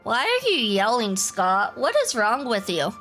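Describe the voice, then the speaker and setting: Woman streamer snarking at a game, slow and bright, laughs along. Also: on the high side, huge pitch swings, faint music behind. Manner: sarcastic, teasing, laughing along. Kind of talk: casual gameplay commentary.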